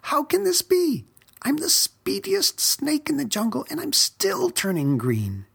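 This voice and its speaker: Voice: mid-range voice, measured pace, creaky, husky, pitched above the performer's own voice, exaggerated voice. A storyteller voicing an eager, restless young male snake in a children's storybook. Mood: alarmed. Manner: excited, bursting with energy.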